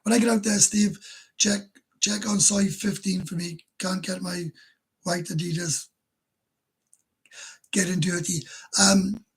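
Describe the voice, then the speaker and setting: Husky Welsh man chatting on a live stream. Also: high voice, steady tone, a little slow, long pauses, rough recording. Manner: blunt, rambling, self-mocking. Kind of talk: casual chat reading out viewer comments.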